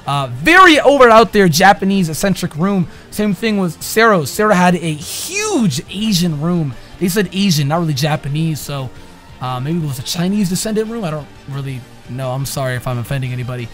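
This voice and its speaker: A young man giving a casual, slangy anime episode review, swinging between loud excited outbursts and low mumbles. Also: fairly quick, soft background music.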